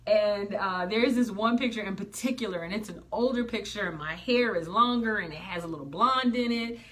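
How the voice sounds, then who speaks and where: A woman's voice: medium pitch, moderate pace, fairly bright tone. A woman giving a motivational talk in a sassy, plain-spoken way, acting out what people say and using slang. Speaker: motivational speaker.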